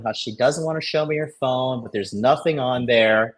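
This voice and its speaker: A man in relaxed chat with a mid-range voice, spinning a long anecdote. He brags and swears freely and rambles through fillers and false starts. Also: mid-range voice, normal speed. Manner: loose, rambling, full of fillers and restarts. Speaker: storyteller in a men's dating discussion. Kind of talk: casual storytelling.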